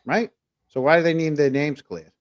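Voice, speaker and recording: A man's voice: on the high side, steady tone, moderate pace, lo-fi sound. A man co-hosting a casual livestream talk show, rambling through viewer comments with plenty of fillers. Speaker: podcast co-host.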